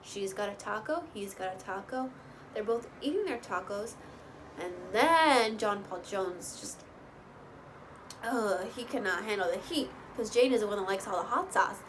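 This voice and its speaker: A woman casually recapping a reality show, chatty, with lots of "like" and "you know" and lively quoted bits. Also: medium pitch, moderate pace, slight background noise, low-quality recording. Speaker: recap host.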